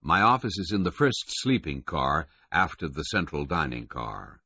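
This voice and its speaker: A man voicing a bulky, middle-aged train conductor who talks wryly and slowly and tags his sentences with a questioning "eh". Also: extremely low pitch, sing-song, pushed and bright, breathy edge, no echo, lo-fi sound, full character voice. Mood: easygoing. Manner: drawn-out, wry, ends statements with a questioning "eh".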